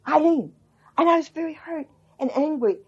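A woman's voice: high-pitched, moderate pace, muffled recording. An older woman animatedly recalling a story in an interview, acting out what people said. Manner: animated, quotes people, restarts often. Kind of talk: storytelling reminiscence.

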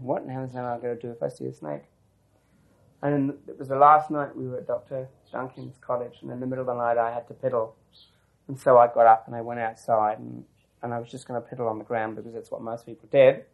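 Guy telling a long story in an interview, middle pitch, rambles a lot with restarts. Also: poor audio. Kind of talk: oral history storytelling.

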